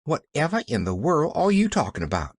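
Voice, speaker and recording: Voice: mid-range voice, wildly swooping pitch, brisk, no echo, clean studio sound, voice pushed up. A reader voicing a flustered country servant woman. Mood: fond. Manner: folksy rural dialect, exclaiming.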